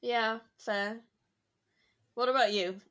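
A woman's voice: a little high, steady tone, slow pace, a bit bright. Casual co-host: woman, conversational, reflective, easy laughter. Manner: chatty, reflective, laughs easily. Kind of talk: casual chat.

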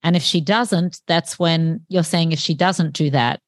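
Woman, low voice, dry recording, co-host, measured thinking aloud. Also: no echo. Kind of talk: casual chat.

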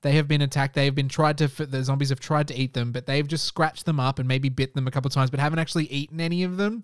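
A man hosting a casual film-review podcast, rambling through long, quick run-on explanations. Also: medium pitch, fairly even intonation, smooth, dry recording, clean studio sound. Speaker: podcast host.

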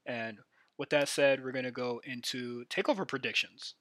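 A man hosts his own show alone, talking in a loose, filler-packed way. His voice has a bright, forward edge. The sound is close and dry, with no room around it. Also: medium pitch, steady tone, moderate pace, no room sound. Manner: rambling, filler-heavy, enthusiastic fan talk. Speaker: podcast host. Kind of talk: casual solo wrestling recap.

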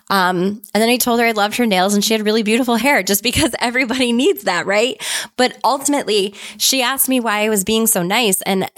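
A woman in her thirties giving casual, earnest advice, telling stories in an animated way. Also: medium pitch, quick pace, no room sound, clean studio sound. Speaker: manifestation vlogger.

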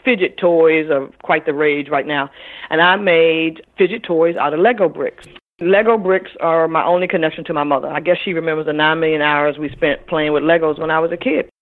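A middle-aged woman talks as an interview guest, full of lively stories where she acts out the people in them. Her voice comes through a thin, tinny phone line. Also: low-pitched, brisk. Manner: animated storyteller who acts out other people's voices. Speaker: author and caregiver guest. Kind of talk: interview conversation.

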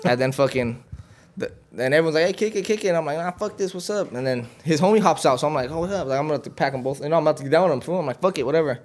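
A man's voice: a little high, racing. A man hosting a podcast, telling a story in casual chat, swearing and acting out the dialogue. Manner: profane, animated storyteller who acts out the dialogue. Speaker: podcast host.

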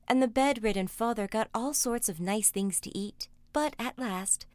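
A woman reading a fairy tale aloud, expressive and dramatic. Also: mid-range voice, no room sound. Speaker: storyteller. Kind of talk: storybook reading.

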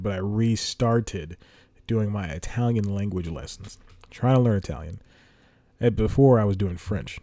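A young man hosts a solo podcast, chatting casually and rambling, correcting himself and chuckling as he goes. His voice is fairly low-pitched and mellow, with no echo.

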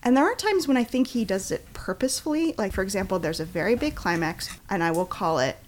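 A woman co-hosting a casual book chat, enthusiastic and quick to read passages aloud. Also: medium pitch, animated. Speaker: podcast co-host.

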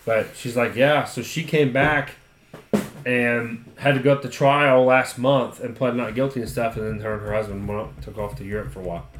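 A man's voice: medium pitch, fairly even intonation, normal speed, a bit bright, a little hiss or hum. Profane storytelling man in an echoey room. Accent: Ohio. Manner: profane, storytelling, laughs often. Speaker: podcast co-host. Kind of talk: casual chat.

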